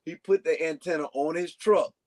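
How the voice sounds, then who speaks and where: A man's voice: a little high, steady tone, moderate pace, a little mellow. A man telling long casual stories as a guest on a talk show, rambling with frequent restarts. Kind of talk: casual storytelling.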